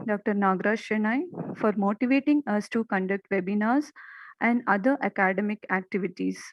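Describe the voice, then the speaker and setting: A woman's voice: mid-range voice, moderate pace, no room sound, muffled recording. A woman, a professor delivering a formal vote of thanks and reciting a list of names.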